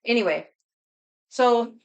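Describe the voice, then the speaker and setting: A woman livestreamer telling a rambling, animated story to her chat, talking so fast she has to stop and catch her breath. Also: on the high side, dull audio. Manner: rambling, animated anecdote with many restarts.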